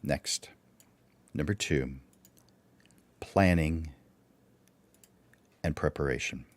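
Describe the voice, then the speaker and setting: Male workshop presenter, deep-voiced, instructive, quizzes the listener with rhetorical questions, dry close sound. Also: extremely slow, no echo. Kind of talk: livestreamed speaking workshop.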